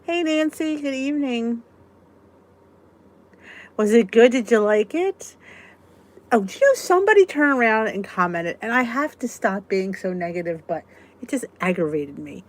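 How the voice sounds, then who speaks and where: A woman's voice: fairly high pitch, lively intonation. A woman hosting a live weight-loss support chat, talking casually, reading out viewers' comments and venting with a laugh. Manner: chatty, exclaiming, quick to vent and laugh.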